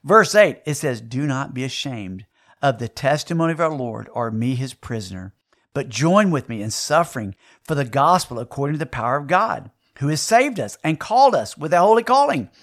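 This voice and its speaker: A man, preaching a sermon and telling a personal story, with dramatic shifts in loudness and pace. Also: medium pitch, big pitch swings, moderate pace.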